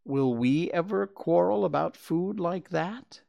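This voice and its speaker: A man voicing an excited, curious young male fawn who asks question after question and stammers. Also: sits high, slow pace, gravelly, lo-fi sound, voice pushed up, heavily acted.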